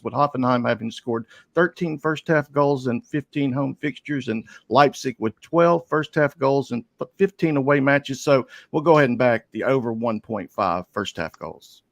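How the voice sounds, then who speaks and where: A man giving soccer betting picks on a live show, polite and brisk. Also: mid-range voice, vocal fry, no echo. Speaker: co-host, betting analyst.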